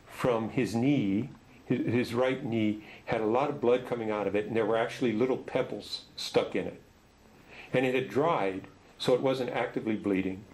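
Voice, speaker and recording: Slow, gentle man telling a story. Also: lowish voice, low-quality recording. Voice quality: gentle, halting, with many restarts. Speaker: men's group facilitator. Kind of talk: storytelling talk.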